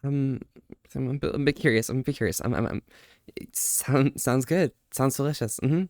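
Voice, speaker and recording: A man's voice: mid-range voice, normal speed, a little mellow, dry recording. Male streamer, casual and flirty, laughs a lot, stammers, dry close sound. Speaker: livestream host. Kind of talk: casual live-stream chat.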